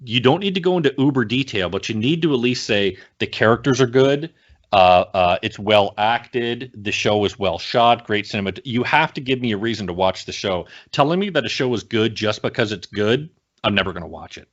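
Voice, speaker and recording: A man's voice: fairly low pitch, animated, fairly quick. A man co-hosting a casual podcast chat, blunt and profane, ranting with lots of restarts. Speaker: podcast co-host. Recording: slightly dull lo-fi home recording.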